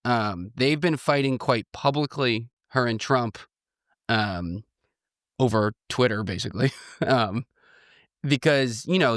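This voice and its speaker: A man's voice: fairly low pitch, smooth, dry recording, studio quality. Chatty laughing man on a podcast. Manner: laughs often, animated, rambling with fillers. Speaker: podcast co-host. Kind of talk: casual political chat.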